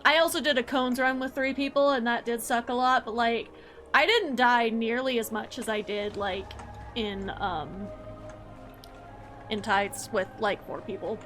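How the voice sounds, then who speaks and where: A woman's voice: a little high, a little slow, a bit bright, faint music behind. A young woman from the United States streaming a game and chatting casually, rambling with lots of "like" fillers. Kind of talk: casual chat while gaming.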